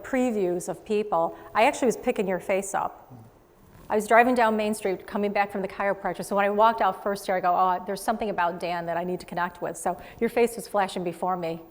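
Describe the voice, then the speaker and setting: A woman psychic medium hosting a show, giving chatty readings to a live studio audience with quick asides and frequent laughs. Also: mid-range voice, long reverb tail.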